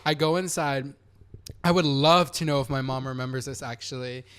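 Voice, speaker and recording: With a clear, resonant, mid-range voice at normal speed, this young man hosts a podcast. He chats casually through a story from his childhood, cursing, lively, and performing the voices of the people he quotes.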